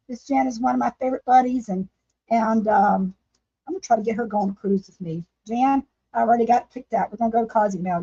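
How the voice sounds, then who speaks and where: A woman's voice: on the high side, warm tone, husky. A woman hosting a casual craft livestream from home, chatting and laughing with her viewers while she paints. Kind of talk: casual live-stream chat while painting. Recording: dull lo-fi livestream audio.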